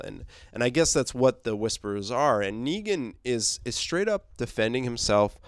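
A man's voice: mid-range voice, lively intonation, moderate pace, few pauses, no echo, studio quality. A man casually recapping a comic book, rambling with fillers and restarts. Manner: rambling, many fillers, laughs, swears.

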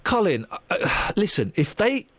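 Lively, teasing radio host. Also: male voice, sits high, normal speed, dry recording, clean studio sound. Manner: teasing, playful banter with callers. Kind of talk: radio phone-in chat. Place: radio studio.

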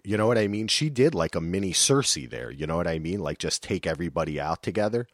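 A man's voice: low-pitched, expressive, fast talker, hardly any pauses, dry recording, clean studio sound. A man hosting a podcast, talking in an enthusiastic, casual way with frequent restarts. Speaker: podcast host. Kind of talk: excited casual chat.

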